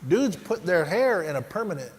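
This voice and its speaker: Animated man telling a story on stage. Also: high-pitched, normal speed, slight background noise. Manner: animated storyteller, swinging between loud and hushed. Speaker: keynote speaker. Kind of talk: motivational keynote storytelling. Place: large conference hall. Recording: echoey hall, faint ambience.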